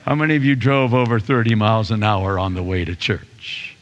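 A man preaching a sermon in a church, animated and often restarting his phrases. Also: lowish voice, a little fast, big-room sound, muffled recording. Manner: animated, repeats words and restarts. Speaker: pastor.

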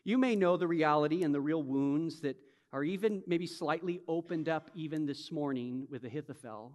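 A man preaching a sermon as pastor, emphatic, swinging from soft reflection to loud, urgent bursts and acting out imagined speakers. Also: fairly high pitch, moderate pace. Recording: long hall reverb.

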